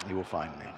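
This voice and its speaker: Male pastor, mid-pitched, expressive sermon delivery, echoing sanctuary. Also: very noisy. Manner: animated, conversational storyteller. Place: church sanctuary. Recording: long church reverb.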